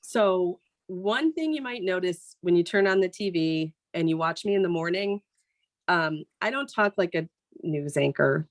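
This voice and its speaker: A woman's voice: lowish voice, lively intonation, a little slow. A woman who anchors morning TV news, giving a casual motivational talk to a group in a plain, conversational way and often checking in with "right?".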